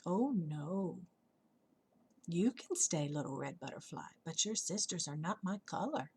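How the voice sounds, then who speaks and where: A woman's voice: fairly high pitch, animated, moderate pace, vocal fry, pitched above the performer's own voice. A woman voicing a choosy red rose. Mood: refusing. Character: choosy red rose flower, soft-spoken.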